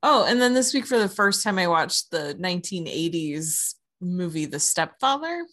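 A woman co-hosting a podcast, chatting casually about films she watched. She laughs often, tells stories excitedly, and says she is tired with a headache. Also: fairly low pitch, normal speed. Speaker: podcast co-host.

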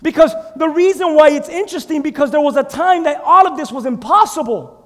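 A man preaching a fervent sermon, swinging from shouts to hushed asides. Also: very high voice, a little fast. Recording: long reverb in a large hall.

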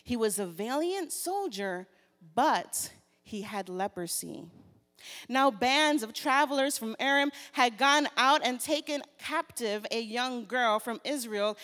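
A woman preacher giving a sermon and reading scripture aloud, slow and deliberate, turning animated as she retells the story. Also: high-pitched. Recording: long reverb of a large hall.

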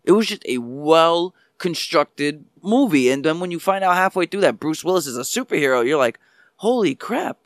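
A man with a fairly high voice talks movies in a loose, casual way. He rambles and stalls while hunting for names, and the sound is dry and close. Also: animated, normal speed, hardly any pauses, no echo. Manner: rambling, searches for names mid-sentence. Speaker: podcast co-host. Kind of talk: casual chat.

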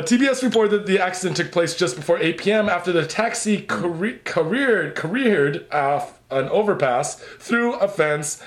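High-voiced man reading news, roomy room. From lives in Japan. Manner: profane, joking, reads news stories aloud. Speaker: podcast co-host reading news. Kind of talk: casual crude news chat.

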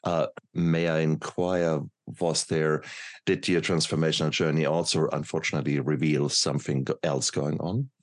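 A man's voice: rumbling low, flat delivery, moderate pace, no echo, studio quality. A man hosting an interview and speaking as a doctor, formal and polite, often repeating words as he searches for them. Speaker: podcast host, doctor. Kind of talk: interview questions.

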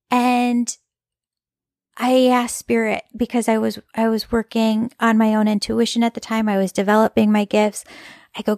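A woman's voice: a little high, flat delivery, moderate pace, a little mellow, dry recording, clean studio sound. A woman telling an emotional personal story as a mother in an earnest, heartfelt, confessional way.

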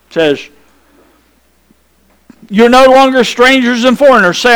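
A man's voice: extremely high pitch, lively intonation, a little slow, pauses often, a bit bright, clear, resonant tone. A pastor preaching a sermon, emphatic and drawn out, putting questions to his congregation.

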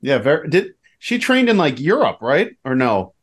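A man's voice: on the high side, very animated, normal speed, husky. A man co-hosting a podcast in casual chat, jokey and enthusiastic, laughing often. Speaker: podcast co-host.

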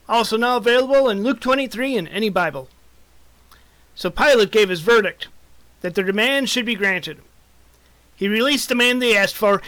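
A man reading scripture as a mock news report, with a steady, announcer-like delivery. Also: extremely high pitch, no echo. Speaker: mock newscaster and scripture reader.

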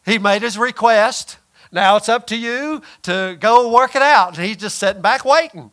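Guy preaching, high bright voice, chatty and emphatic, does little voices for quotes. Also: moderate pace. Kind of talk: sermon.

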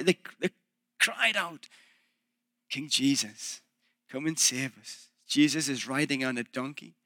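A man's voice: on the high side, a bit bright, no room sound, studio quality. A male pastor preaching a sermon, building emphasis and putting questions to the congregation.

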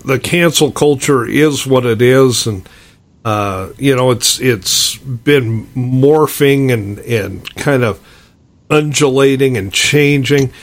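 A man hosting an interview, asking questions with frequent fillers and repeated words. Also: medium pitch. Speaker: host. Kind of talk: interview talk.

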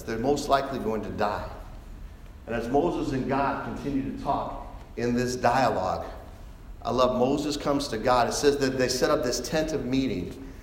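A man's voice: mid-range voice, slight background noise. A man preaching a sermon, calling for amens and building to fervent, pleading passages. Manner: preaching with rising intensity, calls for amens. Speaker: pastor. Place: large church hall. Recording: echoey hall with long reverb.

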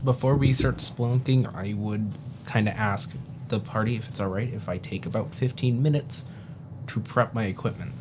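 A man's voice: fairly low pitch, normal speed. A man playing in a tabletop game, talking casually and hesitantly. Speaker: player. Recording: noisy room hiss.

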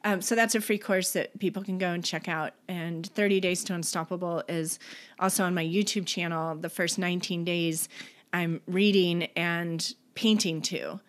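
A woman's voice: on the low side, fairly even intonation, normal speed. A woman artist and author chatting as a podcast guest, enthusiastic and filled with ums and likes. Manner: enthusiastic, uses many fillers. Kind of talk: casual interview chat.

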